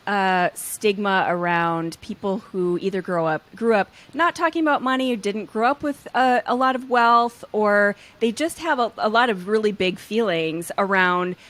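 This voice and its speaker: A woman's voice: a little high, expressive, moderate pace, few pauses, fairly bright tone. Woman host asking thoughtful questions. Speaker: podcast host. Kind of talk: interview conversation.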